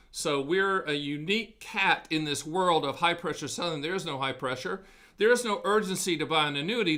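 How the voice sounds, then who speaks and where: A man hosts a live studio broadcast, talking in a folksy, punchy salesman's banter. His voice sits high and bright, with a ringing edge. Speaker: host of an annuity live event. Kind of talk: energetic sales-education talk.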